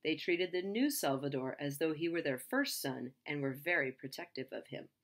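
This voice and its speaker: A woman reading a children's picture book aloud in a lively, expressive way. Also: deep voice, moderate pace. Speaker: reader.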